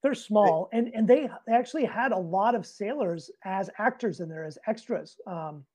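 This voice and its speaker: An animated man spins a casual yarn as a podcast guest, jumping into other people's voices as he quotes them. He swears freely and lets his pitch leap when the story heats up. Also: moderate pace. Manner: animated, profane, acts out both sides of dialogue. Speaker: podcast guest, Navy master chief. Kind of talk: casual anecdote in an interview.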